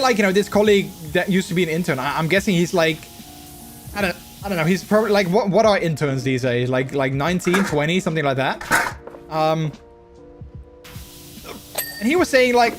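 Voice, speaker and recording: A man's voice: high voice, animated, moderate pace, long pauses, soft background music. Rambling man streamer with hiccups. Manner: rambling, chatty storytelling with many restarts. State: has the hiccups. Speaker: live streamer. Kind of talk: casual live-stream chat.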